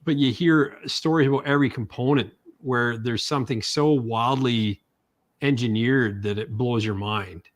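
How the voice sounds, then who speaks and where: Relaxed man hosting a podcast. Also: medium pitch. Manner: relaxed, halting, reads listener comments. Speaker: podcast host. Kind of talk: casual chat.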